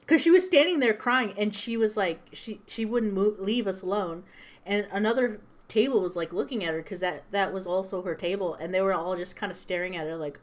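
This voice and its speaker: Speaking fairly quickly at a medium pitch, a young woman streamer rambles through casual talk while drawing. She swears freely and laughs at the stories she tells.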